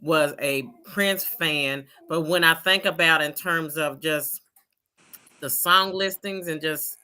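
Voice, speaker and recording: A man with a very bright, forward voice speaks in a measured, reflective way as a co-host in a casual chat. He hedges a lot as he talks. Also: on the high side, clean tone.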